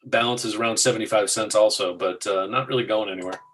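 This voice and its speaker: A man's voice: on the low side, steady tone, fast talker, fairly bright tone, slight background noise, rough recording. A man co-hosting a markets talk show, chatting casually and walking through charts in a matter-of-fact way.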